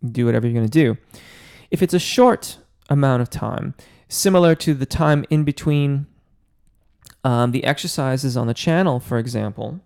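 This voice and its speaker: A man's voice: fairly high pitch, creaky, a little mellow, clean tone. A man hosting a live Q&A as a vocal coach, reading viewer comments aloud by name and explaining singing technique in a casual way, close to the mic. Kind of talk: live-stream Q&A, casual chat. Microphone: close studio mic.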